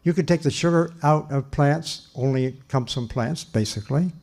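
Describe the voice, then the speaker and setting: Older male scientist lecturing; mellow, earnest, emphatic, repeats himself. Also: fairly high pitch. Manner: earnest, emphatic, repeats phrases with pauses and restarts. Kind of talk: public lecture.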